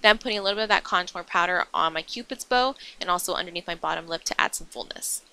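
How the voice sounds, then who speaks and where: A woman's voice: lowish voice, fast, pushed and bright, smooth. A young woman talking through a makeup tutorial in a chatty, enthusiastic voice-over, explaining each step as she goes. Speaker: beauty vlogger.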